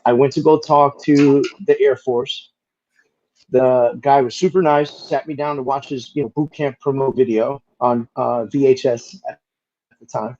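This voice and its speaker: A man of medium pitch tells stories in a relaxed, lively interview style. He swears casually and leans on "like" as a filler. The audio is a bit dull and lo-fi. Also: unhurried. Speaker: interview guest.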